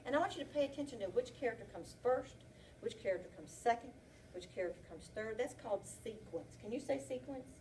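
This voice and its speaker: A woman's voice: a little high, animated, fairly quick, a little mellow. A woman kindergarten teacher leading an interactive read-aloud, prompting children with frequent questions, recorded by a far camera in a classroom.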